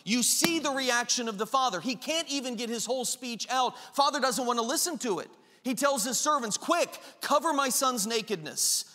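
Bright high-voiced preacher in a hall. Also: male voice, expressive, fairly quick, few pauses. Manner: impassioned, acts out the father's lines with rising intensity. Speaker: pastor. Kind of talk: sermon.

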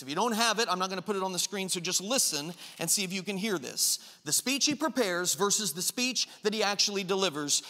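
A man's voice: high voice, sharp tone, in a large hall. A man preaching a sermon, impassioned, who acts out the father's lines with rising intensity. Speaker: pastor.

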